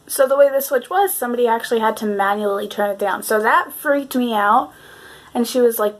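A woman's voice: fairly high pitch, brisk, rough recording. A woman vlogger telling a spooky story to camera in a chatty, casual way, with swearing and fillers. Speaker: paranormal vlogger.

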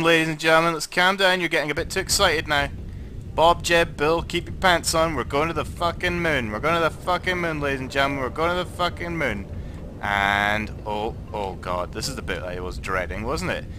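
A young Scottish man commentating on his own gameplay, tipsy, sweary and jokey, swinging between muttering and excited shouting. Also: fairly high pitch, moderate pace, slight background noise. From Scotland. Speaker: gaming YouTuber.

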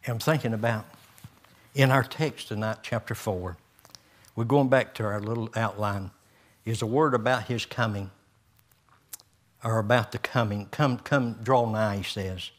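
Folksy pastor preaching. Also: male voice, fairly low pitch, measured pace, pauses often. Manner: homespun storytelling with chuckles and rising emphasis. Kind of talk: folksy sermon.

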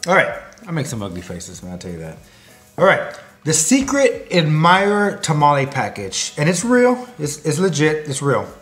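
A man's voice: a little high, huge pitch swings, moderate pace. A man giving a comedic food promo, rambling and jokey, drifting off on tangents. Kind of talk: comedic promo talk to camera.

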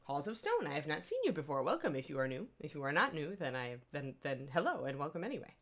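A woman's voice: low voice, very animated, fairly quick, a bit bright. A middle-aged woman hosting a casual live-stream painting tutorial, chatty and upbeat, greeting viewers by name. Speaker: miniature painting instructor, stream host.

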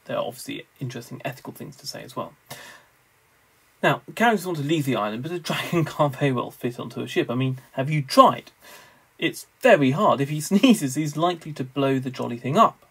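Creaky-voiced man giving a lecture. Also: medium pitch, lively intonation, poor audio. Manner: measured, scholarly, wry asides. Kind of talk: recorded theology lecture.

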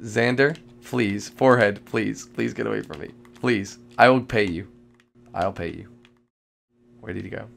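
A man giving live commentary while playing a multiplayer game, jittery and excitable, repeating phrases and breaking into sudden loud outbursts. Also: lowish voice, normal speed, vocal fry, few pauses, soft background music. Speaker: gamer playing a multiplayer survival match.

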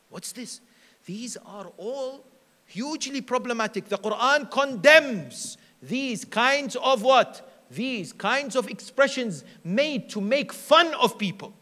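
Animated high-voiced man preaching. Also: unhurried, long reverb tail. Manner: animated, asks rhetorical questions and answers them. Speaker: sheikh giving a majlis lecture. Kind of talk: sermon.

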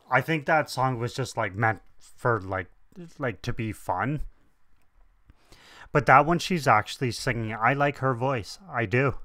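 A man thinks out loud in a relaxed reaction video. His voice is bright and a little forceful, and he talks at an unhurried pace. He often circles back with fillers as he works out what he means. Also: medium pitch, no room sound, clean studio sound. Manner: hesitant, many "like" fillers and restarts. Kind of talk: casual first-time reaction commentary.

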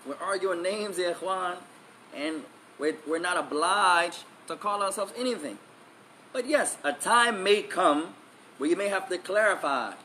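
A man's voice: sits high, lively intonation, a little fast, sharp tone. Male religious teacher, emphatic and repetitive, faint background noise. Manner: emphatic, repeats key phrases; switches between English and Arabic recitation. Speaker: Islamic teacher. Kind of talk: religious lesson.

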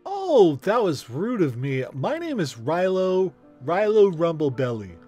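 A man's voice: sits high, sing-song, unhurried, darkish tone, faint music behind, voice pushed up, exaggerated voice. A man voicing a naive young male adventurer who rambles and hesitates, in tabletop role-play. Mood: curious. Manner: hesitant, rambling, full of fillers.

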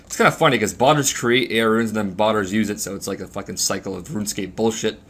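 A man's voice: on the low side, fast, fairly bright tone, breathy edge. A man giving casual, rambling gameplay commentary to his viewers, swearing freely as he plays. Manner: rambling, profane, talks to viewers while playing. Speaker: gaming channel host.

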